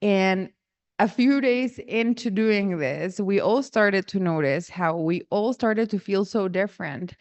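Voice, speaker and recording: A woman's voice: mid-range voice, expressive, a little slow, darkish tone, no echo. A young woman from Guatemala, telling a family story in a casual, rambling way and often correcting herself mid-sentence. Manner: rambling, self-correcting, acts out quoted voices. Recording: dull lo-fi audio.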